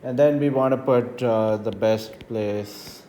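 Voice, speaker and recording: A man teaching a screen-recorded coding tutorial, explaining each step slowly and checking in with the listener. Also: medium pitch, warm tone, a little hiss or hum. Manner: unhurried, explains step by step with frequent "right?" checks. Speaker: math teacher. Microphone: voice-over on tablet whiteboard recording.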